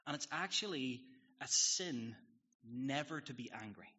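A man's voice: medium pitch, animated, a little slow, pushed and bright, breathy edge, lo-fi sound. A man with a Northern Irish accent preaching a sermon in a conversational way, full of asides and rhetorical questions.

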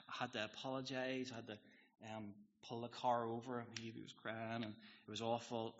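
A Northern Irish man preaching a sermon in an easy, talky way, wandering into asides and tossing questions at the congregation. His voice is bright and forward, and the recording is a little dull and lo-fi. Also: mid-range voice, husky. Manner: conversational, digressive, with asides and rhetorical questions.

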